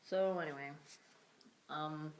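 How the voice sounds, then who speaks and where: Low-voiced young woman ranting in a vlog. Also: steady tone, takes it slowly, noisy background. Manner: rambling, many fillers like "like" and "you know". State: short on sleep. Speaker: vlogger. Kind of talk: casual vlog rant. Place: empty room in a house.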